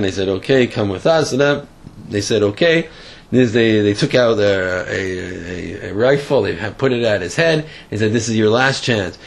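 A man telling a story and then drawing a moral lesson from it, speaking in a halting way that often repeats words. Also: medium pitch, creaky. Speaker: religious storyteller and teacher.

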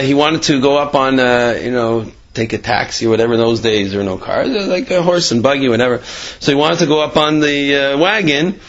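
A man's voice: fairly high pitch, a bit bright. A man casually telling religious stories, rambling with many fillers and restarts. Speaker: Torah storyteller. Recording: dull lo-fi recording.

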